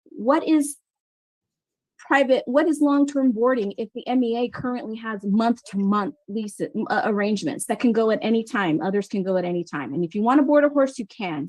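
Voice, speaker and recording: Fired-up woman on city council, higher voice, dry close sound. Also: darkish tone, dry recording. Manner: impassioned, emphatic, halting restarts. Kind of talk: council meeting remarks.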